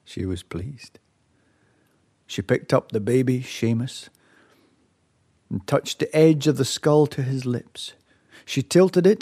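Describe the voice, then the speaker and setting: A man telling a folk tale aloud, measured and expressive, dropping softly and rising with excitement. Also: medium pitch. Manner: measured, with lively rises and soft hushed drops. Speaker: storyteller. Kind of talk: oral folk-tale storytelling.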